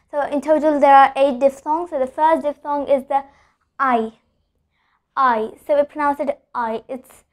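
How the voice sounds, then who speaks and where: A woman's voice: high voice, darkish tone. A woman teaching an English pronunciation lesson, explaining rules and repeating each example word with frequent "okay?" checks.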